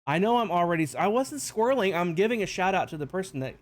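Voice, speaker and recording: A man streaming live, playing host of a game-show game with playful, animated patter. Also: high voice, fast. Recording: stream with music playing behind. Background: background music.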